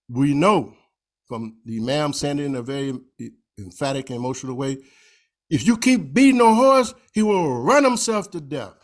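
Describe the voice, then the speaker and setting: A man presenting a grammar lesson from a slideshow at a convention, slowly repeating recited phrases and stressing words emphatically. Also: medium pitch.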